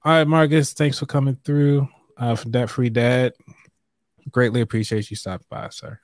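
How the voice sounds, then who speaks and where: A man's voice: mid-range voice, normal speed, no room sound. A man hosting a live online money show, chatting casually with fillers and reading a book passage aloud. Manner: relaxed, loose, with fillers and throat clearing.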